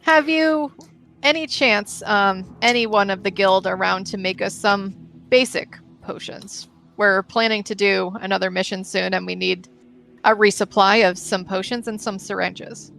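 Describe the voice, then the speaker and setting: A woman's voice: mid-range voice, steady tone, a little slow, gravelly, fairly bright tone, low-quality recording. A woman playing a tabletop game, chatting casually and a little hesitantly. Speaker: player.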